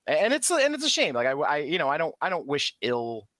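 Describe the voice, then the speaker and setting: A man's voice: fairly high pitch, huge pitch swings, brisk, fairly bright tone, no echo. A man co-hosting a podcast in casual chat, blunt and opinionated, swearing freely. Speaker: podcast co-host.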